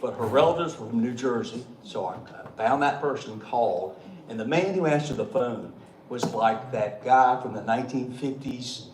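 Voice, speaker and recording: This middle-aged man, a state treasurer, speaks at a moderate pace in a mid-range voice, spinning folksy, humorous stories for a meeting and chuckling frequently. The recording comes from a meeting hall with echo and faint background noise.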